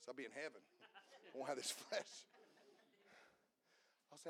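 A man's voice: medium pitch, normal speed, gravelly, a bit bright. A man preaching a sermon as a pastor, emphatic and rousing.

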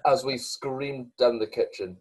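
A man's voice: fairly low pitch, normal speed, darkish tone, slightly rough, rough recording. A young Scottish man co-hosting a casual podcast chat, talking hesitantly with many fillers and restarts. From Scotland. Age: young adult. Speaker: podcast co-host.

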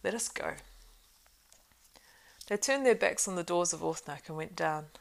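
A woman reading a fantasy audiobook, narrating in a steady, unhurried way. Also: fairly low pitch, creaky. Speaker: audiobook reader.

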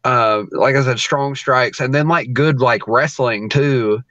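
A man's voice: mid-range voice, unhurried, dry recording, lo-fi sound. Laughing man telling a wrestling story. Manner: animated, laughs often, acts out quotes. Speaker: pro wrestler guest. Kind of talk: casual storytelling.

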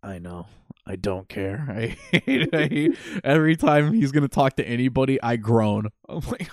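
A man in casual chat, animated and exasperated, acting out what characters say. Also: mid-range voice, normal speed, dry recording, studio quality. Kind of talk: casual chat about a video game.

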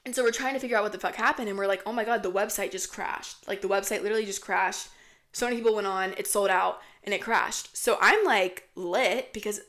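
A woman's voice: medium pitch, a little fast. A young woman hosting a podcast, telling a story in a casual, rambling, profanity-laced way. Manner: profane, rambling, animated retelling. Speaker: podcast host.

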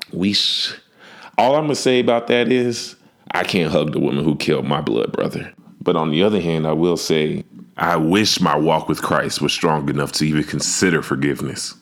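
A man's voice: low voice, normal speed. A man hosting his own podcast, talking loosely and profanely with jokes along the way. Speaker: podcast host. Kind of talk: casual podcast monologue.

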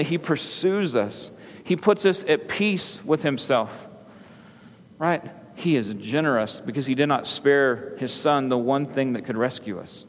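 A man in his thirties preaching a sermon in a church, talking conversationally and often checking in with "right?". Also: on the high side. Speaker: pastor. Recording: long hall reverb.

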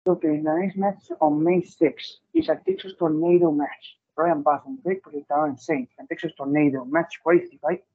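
Husky guy w higher voice reading match dates, sounds like a phone line. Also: fairly even intonation, moderate pace, few pauses. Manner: brief prompts, lists dates and matches. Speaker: interview host. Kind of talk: interview questions, reading match listings.

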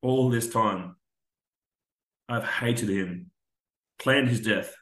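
Drawing out his words in a lowish, somewhat bright voice, a man who served in the army speaks as a podcast guest. He's raw and candid, cursing often and acting out dialogue while recounting a personal story, with roomy echo around him.

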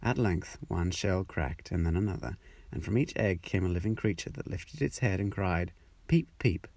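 A man reading a fairytale aloud in an expressive, steady storytelling manner. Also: sits low, moderate pace, husky, no echo.

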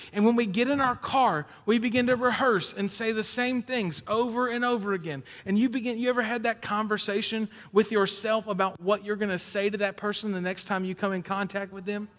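A man preaching a sermon, shifting between loud emphatic points and low conversational storytelling. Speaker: pastor. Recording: long hall reverb.

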